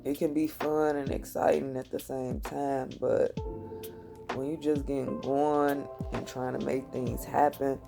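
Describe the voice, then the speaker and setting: A woman with a hoarse voice who runs a small business, speaking wearily and candidly to camera. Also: extremely low pitch, flat delivery, unhurried. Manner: weary and candid. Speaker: small business owner and vlogger. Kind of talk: heartfelt talk to camera. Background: music.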